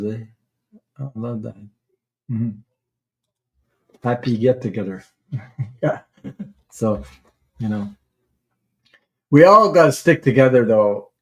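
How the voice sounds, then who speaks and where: A man hosting a tarot livestream, chatting casually and rambling, with halting restarts while he greets viewers. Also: mid-range voice. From Canada.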